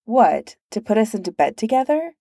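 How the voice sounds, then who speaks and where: A woman's voice: fairly high pitch, big pitch swings, normal speed, mellow, no room sound, pitched above the performer's own voice. A woman voicing an arrogant, sardonic young male prince with a dry delivery in a storybook reading.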